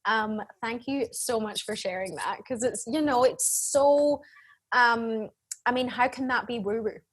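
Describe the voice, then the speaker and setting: A woman hosts a casual podcast interview, chatting easily with her guest. Her voice is slightly husky and set somewhat high, and she talks loosely, often using "like.". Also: measured pace. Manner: chatty, laughs often, says "like" a lot. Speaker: podcast host.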